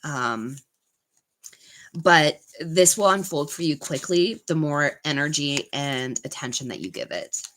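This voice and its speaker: A woman hosting a live tarot stream, giving card readings in a soft, unhurried way with many pauses and fillers. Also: deep voice, animated, slight background noise, poor audio. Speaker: tarot reader and channel host.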